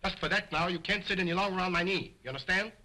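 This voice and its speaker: A man's voice: sits high, quick pace, sharp tone, full character voice, rough recording. An actor playing a vain, domineering ventriloquist who scolds his dummy sternly, in 1920s early talkie acting. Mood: scolding.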